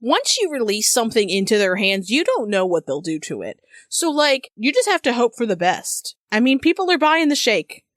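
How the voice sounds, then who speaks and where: A woman's voice: on the high side, sing-song, moderate pace, dry recording. Laughing, swearing young woman. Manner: chatty, swears freely, laughs often. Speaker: podcast co-host. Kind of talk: casual chat.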